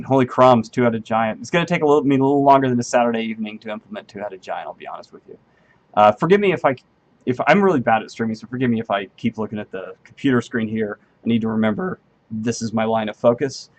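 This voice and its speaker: A man chatting casually on a live stream as he codes at his desk, voice in a plain middle register. He thinks out loud and trails off mid-sentence, filling gaps with ums. His tone is friendly and self-deprecating as he answers viewers. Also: medium pitch, muffled recording. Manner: thinks aloud, rambling with many ums and half-finished sentences. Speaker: game engineer streaming live coding. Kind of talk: casual live-stream chat while programming.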